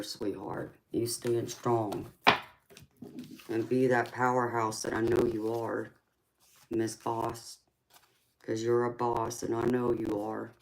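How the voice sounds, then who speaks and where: A woman's voice: extremely low pitch, a little mellow, low-quality recording. A woman giving a live tarot reading and chatting with viewers, affectionate, calling people sweetheart and honey. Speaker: tarot reader.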